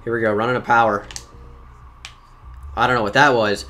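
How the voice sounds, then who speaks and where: A young man giving live commentary on his own football video game, excitable and talkative, jumping from loud outbursts to muttered complaints about his players. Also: mid-range voice, normal speed, long pauses. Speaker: gaming YouTuber.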